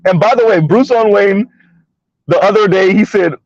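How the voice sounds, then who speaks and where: A chatty man with a somewhat high voice rambles through casual commentary from inside his car, laughing often and checking in with "right?". The sound is dry and close, with a dull, muffled lo-fi quality. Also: moderate pace, a little mellow, dry recording. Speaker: commentary channel host. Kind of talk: casual commentary while driving.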